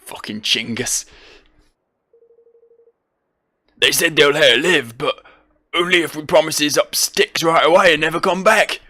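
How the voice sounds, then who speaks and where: A man voicing a gruff middle-aged male sky pirate, reading the game's lines aloud in an old-timey pirate growl. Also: a little high, normal speed, pushed and bright, pitched above the performer's own voice. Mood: grim. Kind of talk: reading game dialogue aloud in voices.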